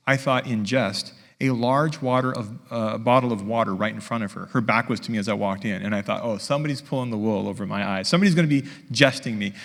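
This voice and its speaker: A man preaching a sermon, telling a story with lively dialogue and acting out both sides. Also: medium pitch, big-room sound. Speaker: pastor.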